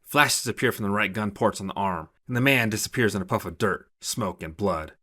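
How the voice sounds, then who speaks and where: A man narrating a short story in a steady, even storytelling manner. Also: lowish voice, fairly quick. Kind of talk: scripted narration.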